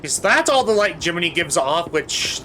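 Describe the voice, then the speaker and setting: A man's voice: on the high side, very animated, normal speed, background noise. A man streaming a video game live, reacting to what happens and chatting with his viewers. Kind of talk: live gameplay commentary.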